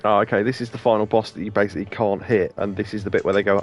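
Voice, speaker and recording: A man's voice: fairly low pitch, fairly even intonation, racing, dull audio, soft background music. A man co-hosting a let's play, chatting casually and telling rambling anecdotes with plenty of laughs. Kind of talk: casual chat over gameplay.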